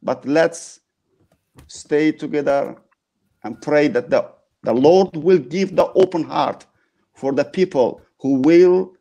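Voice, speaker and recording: High-voiced man, halting fervent speech. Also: gravelly. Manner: halting, many fillers, non-native grammar; forceful, mocking. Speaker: guest speaker. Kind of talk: impassioned live-stream testimony.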